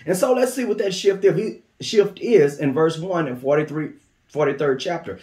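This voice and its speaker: Male pastor, rhythmic repetitive preaching, slightly high voice, roomy echo. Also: expressive, fairly quick, mellow. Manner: rhythmic call-and-response preaching, repeats phrases. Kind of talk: sermon. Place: church.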